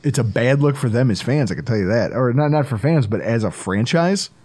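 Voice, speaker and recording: Animated man hosting a sports podcast. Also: mid-range voice, a little fast. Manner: animated, joking, riffing and laughing. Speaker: podcast host. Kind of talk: casual sports podcast chat.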